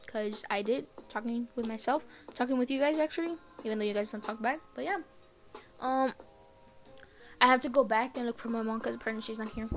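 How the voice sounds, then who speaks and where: Rambling teen girl podcaster, high voice. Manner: rambling, chatty, swears a lot. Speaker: podcast host. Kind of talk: casual solo podcast chat. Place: her bedroom.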